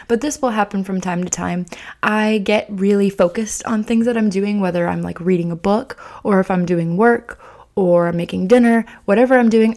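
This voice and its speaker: A woman's voice: medium pitch, darkish tone. A young woman hosting a podcast, speaking candidly and confessionally about parenting mistakes, with frequent fillers and restarts. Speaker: podcast host. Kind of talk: casual personal podcast talk.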